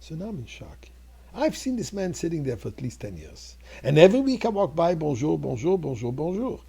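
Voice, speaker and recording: A man's voice: on the high side, very animated, fairly quick, vocal fry, dark tone, husky. An older man, a rabbi, telling a story in an earnest sermon that rises to fervent exclamations. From Montreal.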